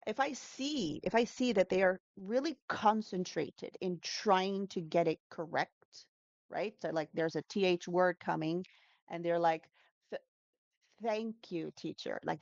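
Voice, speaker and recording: A woman's voice: on the low side, a little slow, no echo, muffled recording. A woman who teaches English pronunciation, chatting as an interview guest with lots of fillers and self-corrections. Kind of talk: casual interview answers.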